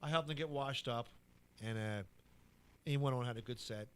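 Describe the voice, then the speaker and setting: A man's voice: medium pitch, normal speed, clean tone. A man co-hosting a podcast, casually telling a story and acting out what each person said. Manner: animated anecdote teller who acts out quotes. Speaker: podcast co-host.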